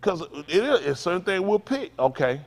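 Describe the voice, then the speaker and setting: A man's voice: high voice, sing-song, normal speed. A man preaching a conversational sermon to his congregation, with frequent asides to the room. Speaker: pastor. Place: synagogue sanctuary. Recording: long hall reverb.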